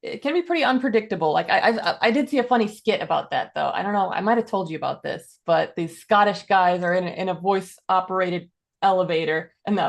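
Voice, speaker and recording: A woman in easygoing, chatty conversation with a co-host. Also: lowish voice. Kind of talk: casual chat.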